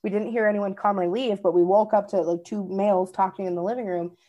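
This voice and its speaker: A woman's voice: mid-range voice, fairly even intonation, quick pace, mellow. A young woman, co-hosting a podcast and telling stories in casual chat. She swears freely and acts out what people said. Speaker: podcast co-host.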